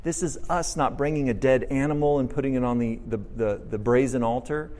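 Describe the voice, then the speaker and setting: A man's voice: mid-range voice, brisk. A man preaching a sermon, asking his listeners questions and acting out the lines he quotes. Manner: animated preaching, asks the audience questions, acts out quotes. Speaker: pastor.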